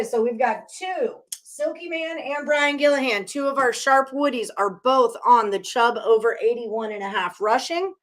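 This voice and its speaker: A woman's voice: on the high side, fairly bright tone. A woman hosting a sports betting live stream, chatting casually and a bit profanely as she reads viewers' picks while writing them on a whiteboard. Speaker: sports betting show host.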